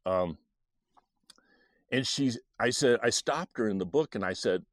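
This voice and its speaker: This is personal storytelling from a middle-aged man looking back on his childhood. Lively pitch sweeps mark his voice even as he falters and restarts phrases, all in a dry, close recording with no echo.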